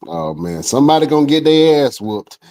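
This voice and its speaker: An excitable man hosts a podcast in loose, slangy chat. His voice sits at a middle pitch, and he laughs readily between lines. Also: fairly quick. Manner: enthusiastic, laughs easily, slangy. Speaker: podcast host. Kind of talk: casual interview chat.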